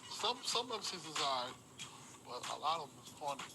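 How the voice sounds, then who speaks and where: A man's voice: a little high, big pitch swings, brisk, over loud music, rough recording. A man talking in a laid-back, drawling way and chuckling between remarks, in a played clip. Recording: loud background noise. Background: loud noise.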